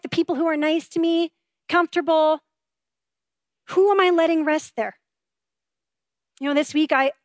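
A woman's voice: high-pitched, no room sound. A woman pastor giving a sermon in an earnest, conversational way, asking her listeners rhetorical questions.

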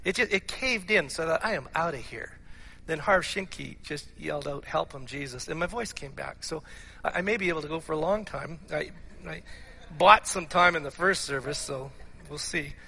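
Bright, high-voiced man preaching with hoarseness. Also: moderate pace, in a large hall. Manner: animated, emphatic preaching with repeated restarts. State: slightly hoarse. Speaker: pastor. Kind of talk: sermon. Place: church sanctuary.

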